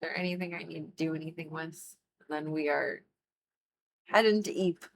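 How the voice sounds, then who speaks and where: A woman livestreaming a game, her voice sitting a little low for a woman. She talks casually, swearing freely and griping with over-the-top mock emotion. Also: moderate pace, vocal fry, slight background noise, low-quality recording. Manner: dramatic, swears a lot, mock-emotional complaining. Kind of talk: casual gaming commentary.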